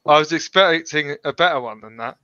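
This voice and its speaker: A man's voice: a little high, a little fast, a crowd in the background. A man hosting a casual football panel chat, often giggling as he talks, on a slightly muffled recording. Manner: giggly, laughs often while talking. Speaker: podcast host.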